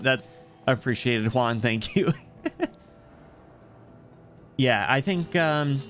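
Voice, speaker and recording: Excitable man streaming a game. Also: medium pitch. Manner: excitable, exclamatory reactions, chats to viewers. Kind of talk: live gameplay commentary.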